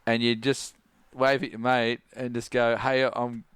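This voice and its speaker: A middle-aged Australian man who works as a surf coach shares casual stories as a podcast guest. He's animated, laughs often, and voices his friends' parts, speaking at medium pitch and a measured pace in a smooth voice with no room sound.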